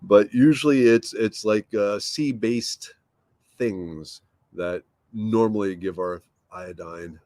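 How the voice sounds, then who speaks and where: Slow and a little mellow, this man's low voice comes through in studio quality without echo. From home, he hosts a relaxed livestream, reading out viewer comments and drifting along easygoingly with filler words.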